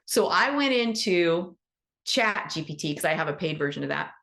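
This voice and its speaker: A woman's voice: fairly low pitch, expressive, normal speed, vocal fry, fairly bright tone. A woman who teaches animal Reiki, hosting a casual support call, chatty and encouraging as she acts out bits of dialogue. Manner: motivational, affirming.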